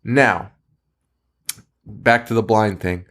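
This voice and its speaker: A man's voice: lowish voice, steady tone, takes it slowly, a bit bright. A man hosting a podcast, casually retelling a film's plot while laughing often, swearing and restarting his sentences. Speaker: podcast host. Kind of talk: casual movie recap.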